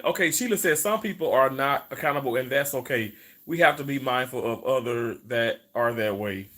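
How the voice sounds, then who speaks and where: A man's voice: medium pitch, lively intonation, moderate pace, fairly bright tone. A man, hosting a live stream in casual, rambling chat, repeating his words and reading viewer comments.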